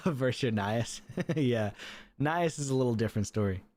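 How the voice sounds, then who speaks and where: A man commentating his own live game stream, chatty and excitable, laughing often and talking to his viewers. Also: medium pitch, moderate pace.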